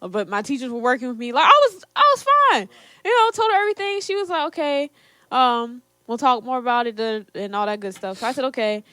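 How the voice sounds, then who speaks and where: A woman's voice: fairly high pitch, animated, fast, bright, forceful tone, no room sound. A young woman in her twenties, co-hosting a podcast and telling a personal story in casual chat, laughing often. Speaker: podcast co-host.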